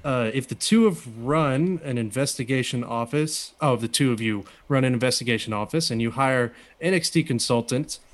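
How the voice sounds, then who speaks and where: A man co-hosting a casual podcast chat, playful and quick to chuckle as he poses questions. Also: mid-range voice. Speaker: podcast co-host.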